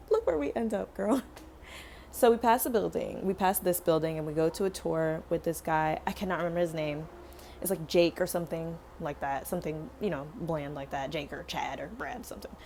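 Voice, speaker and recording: A woman's voice: fairly low pitch, moderate pace, slight background noise. Chatty young woman telling a storytime. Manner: animated storytelling, acts out both sides of dialogue. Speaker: beauty vlogger. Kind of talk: casual storytime while doing hair.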